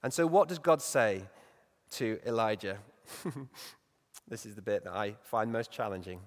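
A male preacher giving a Sunday morning sermon in a reflective, conversational way, growing animated as he acts out Bible stories. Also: lowish voice, measured pace. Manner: reflective, conversational, lively when acting out stories. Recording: long reverb in a large hall.

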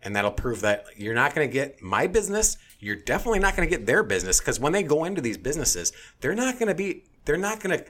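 A man's voice: fairly high pitch, sing-song, fast talker, hardly any pauses, a bit bright. A man hosting a casual chat, talking bluntly and heatedly, swearing often and restarting his sentences.

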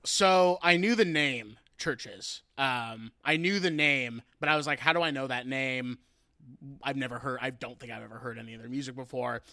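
Young male podcast co-host, bright clear voice, lively swearing storyteller, dry close mic. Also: medium pitch, no room sound. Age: young adult. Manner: animated storytelling, swears, laughs. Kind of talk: casual chat.

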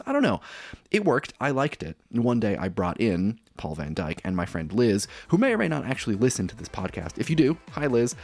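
A man in his thirties narrates a scripted podcast episode in a low, deep voice. His delivery is dry and wry, and he drifts into side anecdotes. The recording is close and dead, with no room sound. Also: a little mellow, dry recording. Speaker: podcast host.

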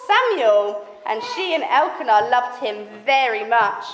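A woman leading a children's session, teaching hand signs and reading a story to the kids in an animated, teacherly way. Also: on the high side, unhurried. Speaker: children's ministry leader. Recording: echoey hall with faint background noise.

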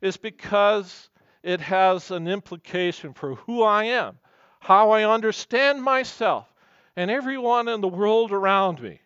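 A man's voice: high-pitched, unhurried, fairly bright tone, clean tone, no echo, dull audio. A man preaching a sermon as pastor, earnest and emphatic, weaving in personal stories.

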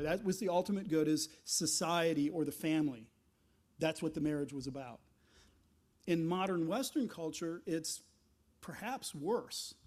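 A man delivering a sermon with a fairly high voice. He preaches conversationally, stumbling and restarting phrases, and slips into short acted-out asides as he explains his point. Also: darkish tone. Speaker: pastor.

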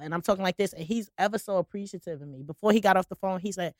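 A young woman with a lowish voice chats on a podcast, frank and emphatic. She tells stories and acts out her own lines. The recording is close and dry. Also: very fast, no room sound. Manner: frank, emphatic storyteller who quotes herself. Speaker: podcast co-host. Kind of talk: casual chat.

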